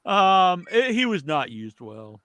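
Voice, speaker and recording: A man's voice: high-pitched, big pitch swings, slow pace, sharp tone, no echo. A man hosting a podcast, reading out trivia and then chatting loosely with lots of fillers. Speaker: podcast host. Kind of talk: casual wrestling chat.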